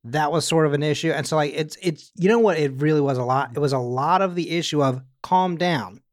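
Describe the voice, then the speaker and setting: A man's voice: on the high side, brisk. Rambling, chatty podcast co-host man. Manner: rambling, animated storytelling with acted quotes. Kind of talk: casual chat.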